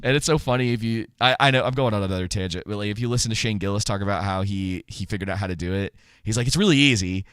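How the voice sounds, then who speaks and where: Smooth-voiced man rambling about movies. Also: on the low side, racing, hardly any pauses, fairly bright tone, no room sound, studio quality. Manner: rambling, laughs often, restarts. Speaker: podcast co-host. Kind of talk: casual movie chat.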